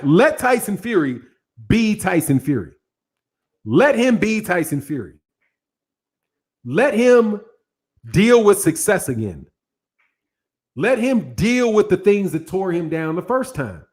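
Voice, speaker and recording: A middle-aged man with a notably high-pitched voice hosts a boxing channel and reacts to the news in casual, animated commentary. He hammers his points home by repeating them, talks straight to the viewers, and laughs often between points.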